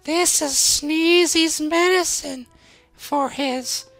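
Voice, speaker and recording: A woman's voice: high-pitched, drawn-out words, gravelly, fairly bright tone, dry recording, soft background music, full character voice. A woman voicing a pompous, fussy male pirate seer who talks in a theatrical way. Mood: shocked.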